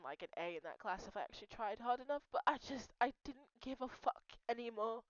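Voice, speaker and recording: A woman's voice: a little high, lively intonation, quick pace, few pauses, no room sound, muffled recording. A young woman venting about school in a rambling personal vlog, swearing often, restarting her sentences and crying as she talks. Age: young adult. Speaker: vlogger. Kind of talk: emotional personal vent.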